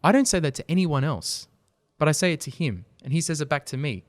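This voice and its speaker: The founder of a video company guests on a podcast, his fairly high voice moving at a fairly quick clip. The studio-quality audio has no room sound. He's earnest and full of stories in the casual interview, animated whenever he argues a point.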